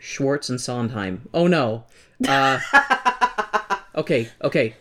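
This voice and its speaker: A man's voice: mid-range voice, sing-song, extremely slow, a bit bright. A man co-hosting a podcast in casual chat, joking and blunt, swearing freely. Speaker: podcast co-host.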